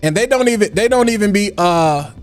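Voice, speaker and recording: Man, livestream host, preachy, repeats himself, very lively pitch. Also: fairly quick, faint music behind. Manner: animated, preachy, repeats lines for emphasis. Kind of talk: casual livestream talk.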